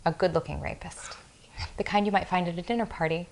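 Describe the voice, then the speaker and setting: An actress playing an eccentric, needy wife who blurts awkward remarks and then apologizes. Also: female voice, fairly low pitch, steady tone, brisk, vocal fry. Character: eccentric, needy woman, a presumed-dead wife.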